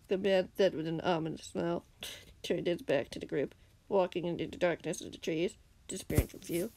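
Her voice sits on the low side and moves fairly quickly as she reads a fan story she wrote herself. Along the way she slips up, laughs occasionally, and performs the shouted lines.

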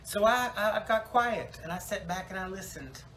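A man's voice: sits high, moderate pace, sharp tone, a little hiss or hum, poor audio. A man playing Wenda, a rambling dead salon lady. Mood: wry rambling. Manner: rambling, full of fillers and restarts, wry. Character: chatty, self-absorbed woman salon owner, newly dead in heaven. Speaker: preacher in character. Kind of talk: comic church monologue.

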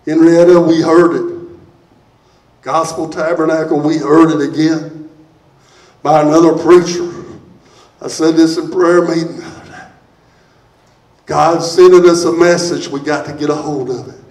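A man preaching a sermon, shouting with impassioned fervor. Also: fairly high pitch, fairly even intonation, normal speed, pauses often, roomy sound, low-quality recording. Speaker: pastor. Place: church sanctuary.

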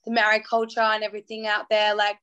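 A woman's voice: medium pitch, completely flat delivery, fast talker, fairly bright tone, smooth, dull audio. A young woman from Australia with an Australian accent, chatting as a singer guest in an interview, bubbly and full of fillers. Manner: bubbly, many fillers, acts out quotes. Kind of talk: casual interview chat.

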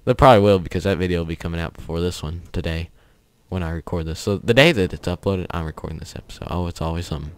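Low-voiced young man rambling casually. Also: rapid-fire, few pauses, smooth. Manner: rambling, chuckling, offhand storytelling. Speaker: gaming channel host. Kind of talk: casual commentary over gameplay.

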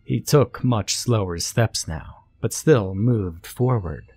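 A man narrating a scary story in a slow, measured storytelling manner. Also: fairly low pitch, darkish tone, husky, faint music behind. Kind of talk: scripted horror narration.

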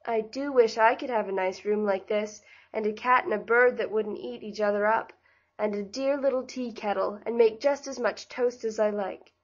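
A woman's voice: fairly high pitch, moderate pace, dull audio, close to an everyday voice. A woman reading the part of an eager, childish younger sister, in a gushing, delighted way.

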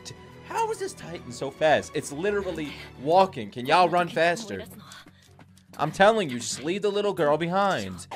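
A young man reacting to an anime episode, excitable and profane, yelling at the characters on screen. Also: a little high, normal speed. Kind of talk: live anime reaction commentary. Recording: music from the show playing behind.

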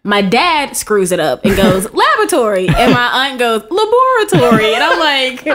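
A woman's voice: sits high, big pitch swings, slow pace, fairly bright tone. A young woman guest chatting casually, rambling and laughing often, with plenty of filler words. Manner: giggly, rambling, lots of "like". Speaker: podcast guest. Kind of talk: casual chat.

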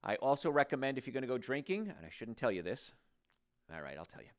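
An older man talks straight to the audience as a health show host. His delivery is folksy and joking, and his pitch swings up and down as he makes his points. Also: fast. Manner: animated, joking, folksy storytelling. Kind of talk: talk-show health monologue.

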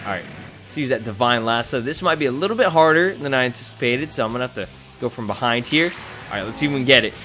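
A young man giving excitable gameplay commentary, swearing freely and shouting hype exclamations. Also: fairly high pitch. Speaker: gaming YouTuber.

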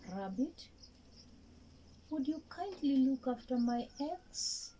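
A woman voicing a calm, stubborn mother hen in a children's story, speaking matter-of-factly. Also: high-pitched, takes it slowly, a little hiss or hum, voice pushed up.

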